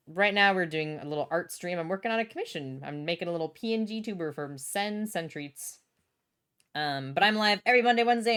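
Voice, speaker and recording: A woman's voice: mid-range voice, fairly bright tone, clear, resonant tone. A young adult woman streaming casually from home, bubbly, swearing freely and reading chat aloud.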